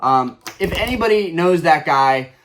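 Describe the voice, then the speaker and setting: Ranting man, slightly high voice. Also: animated, measured pace, a bit bright. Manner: heated, repetitive ranting with many fillers and restarts. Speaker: Pokémon card collector channel host. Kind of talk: ranting vlog commentary.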